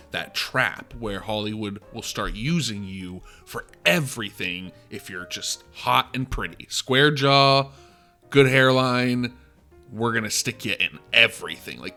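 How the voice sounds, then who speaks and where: Bright-voiced young man rambling on a podcast. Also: lowish voice. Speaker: podcast co-host. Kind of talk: casual movie podcast chat.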